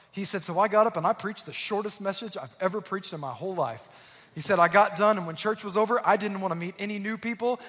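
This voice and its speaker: A man's voice: high voice, fairly bright tone. Male preacher in a reverberant hall. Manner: storytelling, acting out quoted voices with rising intensity. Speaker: pastor. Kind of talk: sermon. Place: church auditorium. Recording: long reverb in a large hall.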